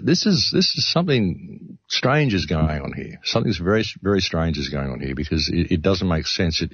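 A man's voice: deep voice, slightly rough, no echo. A man who works as an announcer, talking earnestly in a casual discussion and often restarting his sentences. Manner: earnest, rambling with frequent restarts. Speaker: radio announcer. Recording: dull lo-fi, dry sound.

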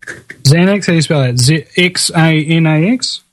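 A man's voice: a little high, measured pace, no echo, rough recording. A man hosting a casual online show, rambling with many restarts. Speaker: show host.

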